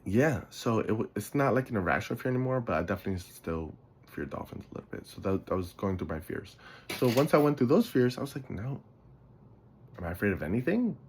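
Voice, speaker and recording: A man's voice: on the low side, sing-song, quick pace, slight background noise. A man from the Bronx, hosting a podcast and rambling casually through stories while yawning and sleepy. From the Bronx, New York. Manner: rambling, loses his thread, swears casually. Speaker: podcast host. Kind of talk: casual storytelling monologue.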